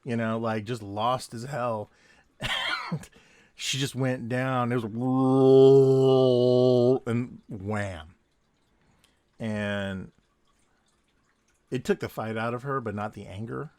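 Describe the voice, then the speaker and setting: It's night, and an artist-vlogger sits drawing at his home desk, casually recounting his security guard days in a steady, medium-pitched voice. He's unhurried and pauses often, drifts off topic, and chuckles frequently; there's no room sound.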